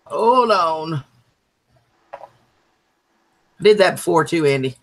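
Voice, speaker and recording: A man's voice: on the high side, lively intonation, extremely slow, fairly bright tone. A man hosting a casual livestream chat, talking proudly and chattily about his cooking. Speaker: livestream host.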